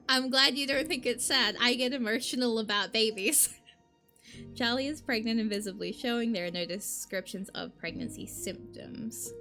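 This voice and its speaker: Woman streamer, bright and a bit high, rambling casual chat over faint music. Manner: animated, rambling, laughs often. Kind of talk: casual chat while playing a game.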